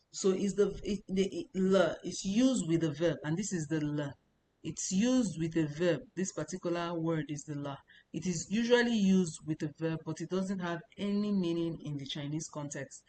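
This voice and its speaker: Woman, low voice, patient repetitive explaining, language teacher, faint rumble behind. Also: darkish tone. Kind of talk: explaining Chinese lesson.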